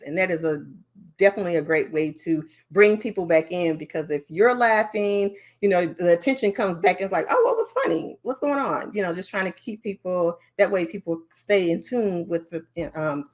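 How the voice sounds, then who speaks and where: A woman leading a conference training session on learning design, talking in a lively, chatty way with many fillers and asides. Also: on the low side.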